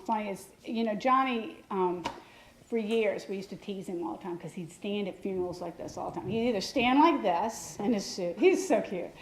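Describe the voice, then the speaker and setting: A woman speaking at a church gathering, talking about loss with wry, self-mocking humor and halting restarts. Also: a little high, a little hiss or hum. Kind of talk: personal talk mixing humor and grief. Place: church hall. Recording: echoey hall.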